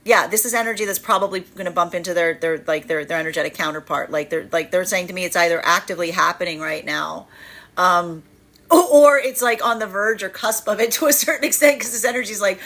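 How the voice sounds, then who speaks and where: A woman's voice: lowish voice, quick pace, fairly bright tone. A woman giving a live tarot reading who talks animatedly, full of fillers and laughs, and acts out the voices of the energies she describes. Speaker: tarot reader.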